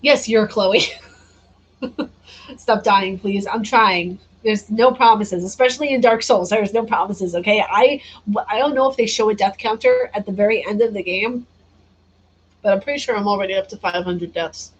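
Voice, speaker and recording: A woman's voice: mid-range voice, normal speed, slightly rough, poor audio. Chatty woman streamer, tired. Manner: chatty, laughs often, answers chat comments. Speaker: gaming streamer. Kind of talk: casual livestream chat.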